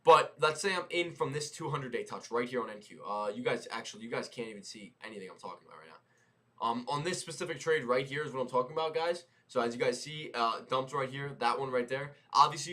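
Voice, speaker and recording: A young man on a live trading stream, teaching in a loose, slangy way, repeating himself and tossing in "right?" and "boom". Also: sharp tone. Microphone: headset mic.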